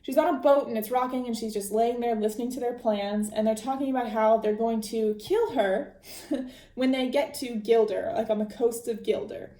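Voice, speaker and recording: A woman's voice: fairly high pitch, moderate pace, mellow, roomy sound. A woman podcast host recapping a book in a casual, chatty way, often restarting her sentences. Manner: chatty storytelling with frequent restarts and laughs.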